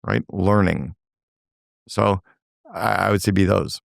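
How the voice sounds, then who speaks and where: A man's voice: deep voice, fairly even intonation, unhurried, vocal fry, no room sound, studio quality. An older man giving blunt, emphatic advice as a guest in a podcast interview, swearing for emphasis.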